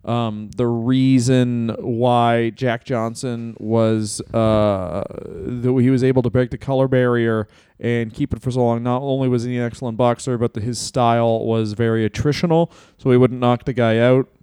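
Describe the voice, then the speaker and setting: A man's voice: mid-range voice, fairly even intonation, moderate pace, hardly any pauses, warm tone, clear, resonant tone, no echo. A man co-hosting a wrestling history podcast, talking in a rambling, joking way. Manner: rambling, joking, slips into silly accents. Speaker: podcast co-host. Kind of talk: casual comedic chat.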